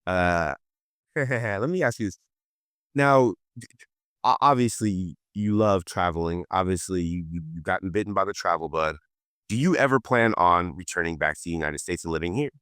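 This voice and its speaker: A man's voice: deep voice, normal speed, fairly bright tone, clean tone, dry recording, studio quality. A man hosting a casual interview. He often stops and restarts his questions and fills gaps with "uh". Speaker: podcast host.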